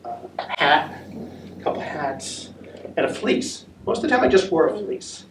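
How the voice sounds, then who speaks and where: A man's voice: on the high side, sing-song, moderate pace. An American man giving a casual talk about a long walk to an audience at a senior center, chatty and rambling with many fillers. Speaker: presenter of a walking trip talk. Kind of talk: casual presentation with audience questions. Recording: echoey room, voice from a distance, faint noise.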